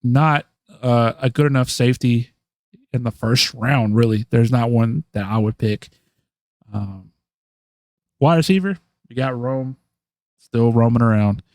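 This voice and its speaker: A man's voice: medium pitch, unhurried, pauses often, darkish tone, dry recording. Man thinking aloud with ums, dry sound. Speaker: podcast co-host. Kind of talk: casual mock-draft chat.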